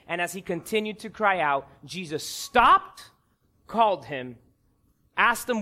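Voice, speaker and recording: Man preaching, very high voice, bright and forceful, animated, acts out voices in stories. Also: moderate pace. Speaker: pastor. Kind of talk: sermon.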